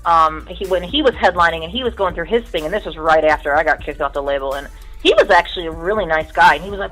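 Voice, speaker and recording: A woman's voice: low voice, fast talker, fairly bright tone, rough recording. A middle-aged woman telling stories from her music career in casual, profane talk, mimicking the people in them. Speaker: guest musician. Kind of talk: casual storytelling.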